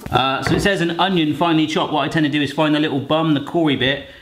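A man's voice: fairly high pitch, quick pace, fairly bright tone, soft background music. A man in his thirties chatting and joking through a cooking vlog in his home kitchen, with rambling asides. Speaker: cooking vlogger.

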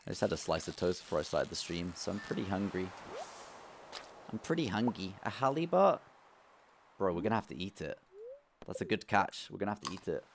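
Excitable male streamer in his twenties, lively pitch, faint noise behind. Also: fairly quick, gravelly, pauses often. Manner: excitable, swings from loud outbursts to muttering. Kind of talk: live gameplay commentary.

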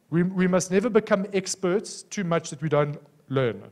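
With a South African accent and a fairly high, brisk voice, a man preaches a sermon. He is animated, tells personal stories, and keeps asking the congregation "Amen?"

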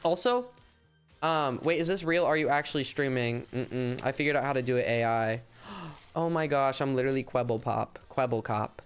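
A man's voice: mid-range voice, normal speed, clear, resonant tone, soft background music. A young American man chatting casually and playfully on a livestream, rambling with filler words. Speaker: streamer.

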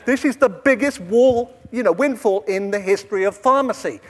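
A British man in his late fifties giving a wry, conversational live talk with slides and asides to the audience, in a lecture hall. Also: high-pitched. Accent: British English. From Britain.

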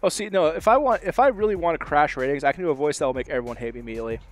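A man's voice: fairly high pitch, soft background music. A man commentating a fighting game tournament, playful and jokey. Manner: playful, jokey, quick to laugh. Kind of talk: esports play-by-play commentary.

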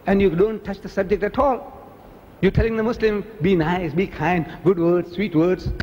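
Man preaching all fired up, highish voice, echoey hall, a bit of room hum. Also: moderate pace, a little mellow. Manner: impassioned, mimics others in raised voice. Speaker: Islamic preacher. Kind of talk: animated religious lecture. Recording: reverberant hall, faint ambience.

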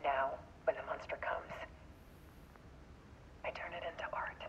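A woman playing a haunted artist in a game, talking in a hushed, brooding way. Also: deep voice, fairly even intonation, measured pace, whispered, lo-fi sound. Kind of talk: game dialogue monologue.

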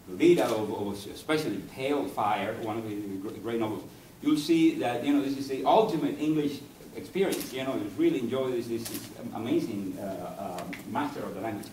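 In a university lecture room, a Cuban poet whose first language is Spanish speaks English in a medium-pitched, slightly mellow voice. His talk is halting and digressive, full of searching for words, and the distant mic picks up echo and faint hiss.

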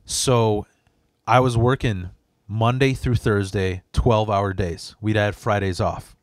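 A young man hosting a podcast, telling a story in a casual, rambling, profane way and getting animated as he goes. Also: on the low side, takes it slowly, no room sound, clean studio sound. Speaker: podcast host.

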